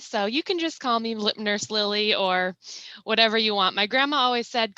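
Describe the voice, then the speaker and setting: A woman school nurse greets listeners cheerfully, her voice bright and tense. It comes through a dull, lo-fi line and sits slightly high. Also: normal speed, clean tone, no room sound. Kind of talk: casual podcast chat.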